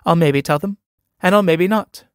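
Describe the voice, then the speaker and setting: A man's voice: sits high, moderate pace, smooth, dry recording, studio quality, voice pushed up, close to an everyday voice. A man reading a play aloud, voicing a spirited young country girl who mocks and scolds with impatience. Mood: sharp. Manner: sharp, mocking, impatient.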